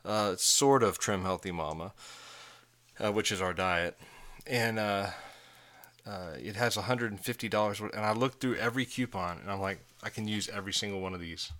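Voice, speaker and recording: A man's voice: fairly low pitch, moderate pace, fairly bright tone. A man in his forties co-hosting a casual chat, telling rambling, self-mocking stories with frequent laughter. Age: 40s. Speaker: podcast co-host.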